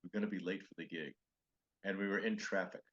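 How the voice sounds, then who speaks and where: A man's voice: sits low, fairly even intonation, fairly quick, fairly bright tone, dull audio. An older male comedian telling road stories in a podcast interview, acting out other people's lines in raised voices. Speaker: comedian guest.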